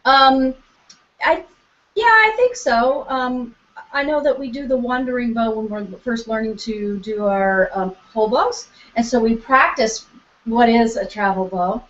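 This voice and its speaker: A woman's voice: fairly high pitch, measured pace, a bit bright. A woman teaching violin online, patient and encouraging, singing out bowing syllables as she guides a young student. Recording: roomy, dull lo-fi video call with violin. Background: violin playing.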